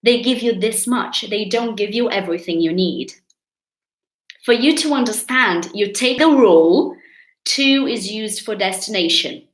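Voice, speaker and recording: A woman's voice: mid-range voice, measured pace, echoey room, rough recording. A woman with a Brazilian accent teaching English in a live online lesson, chatty with her viewers and stretching out key words. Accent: Brazilian Portuguese.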